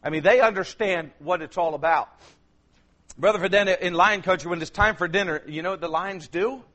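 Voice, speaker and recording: A male pastor, preaching a sermon that swings from shouted passages to low, quiet storytelling. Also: brisk.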